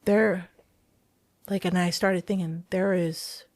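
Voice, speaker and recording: Her voice fairly low, steady, slow and a little mellow, a woman gives her personal faith story as a podcast interview guest. She comes across as earnest and hesitant, frequently starting her sentences over, with no room sound audible.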